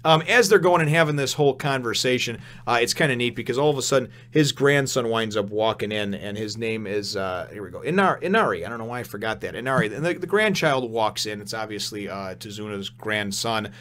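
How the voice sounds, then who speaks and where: A man's voice: on the low side, expressive, fairly quick, hardly any pauses, a bit bright. A man hosting a casual manga chapter recap, rambling with many restarts and retelling the scenes through quoted dialogue. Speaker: manga reviewer and host.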